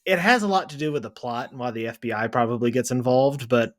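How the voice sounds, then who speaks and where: A man co-hosting a movie podcast in casual chat, chatty and rambling with quick asides. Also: medium pitch, fairly bright tone. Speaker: podcast co-host.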